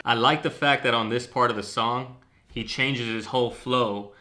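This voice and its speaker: A man's voice: medium pitch, fairly even intonation, moderate pace, sharp tone. A man casually breaking down a song's lyrics as a music YouTuber, eager and swearing freely. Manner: enthusiastic, swears freely, reacts with hums and ooh sounds. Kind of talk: casual song breakdown commentary.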